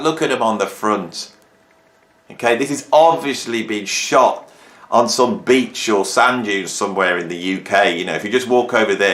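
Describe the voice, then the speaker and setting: Recorded with a roomy echo, this casual vlog features a middle-aged music YouTuber joking and enthusing about the vinyl records he keeps at home. His voice is on the low side and a bit bright.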